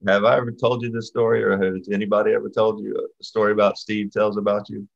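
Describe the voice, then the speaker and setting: A middle-aged man hosting a chat show, telling a story in a relaxed, halting way with lots of ums. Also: fairly low pitch, vocal fry. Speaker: podcast host. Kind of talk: casual interview chat. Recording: slightly dull lo-fi audio.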